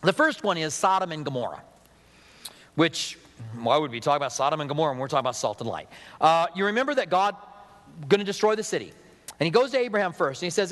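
A man's voice: a little high, big pitch swings, fast, fairly bright tone. A middle-aged male pastor giving a conversational sermon, with chatty asides and acted-out dialogue. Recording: long hall reverb.

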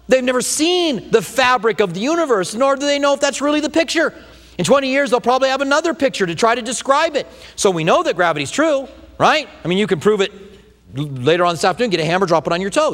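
A man in his fifties delivers a sermon in a high voice. He moves between homey, joking stories and slow, stressed lines of scripture. His voice rings with the long reverb of a church hall. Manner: folksy, animated preaching with humor and slow emphatic stresses. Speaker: pastor.

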